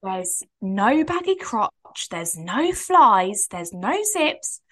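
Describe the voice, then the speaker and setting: A woman's voice: mid-range voice, big pitch swings, extremely slow. A woman, co-hosting a podcast in a rambling, chatty way and laughing often. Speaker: podcast co-host. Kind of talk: casual chat.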